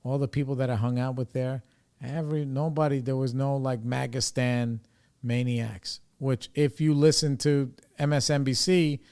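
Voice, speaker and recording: A man with a New York accent talks loosely to his audience, drifting from one thought to the next with plenty of "you know" and "like." His speech is casual and profane, at an ordinary middle pitch. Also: fairly even intonation, moderate pace, darkish tone, clear, resonant tone. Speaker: recovery podcast host. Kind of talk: casual rambling monologue.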